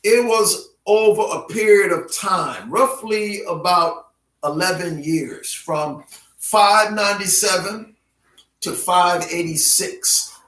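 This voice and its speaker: A man teaching a Bible history lesson in an unhurried way, often repeating names in their alternate pronunciations. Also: high voice, sharp tone. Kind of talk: classroom Bible history lecture. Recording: roomy sound from a distant mic.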